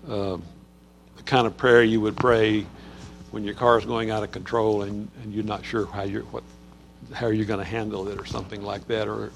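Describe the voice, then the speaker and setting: A man's voice: on the low side, creaky. A man teaching a Bible study on a Psalm in a conversational way, with frequent fillers and restarts.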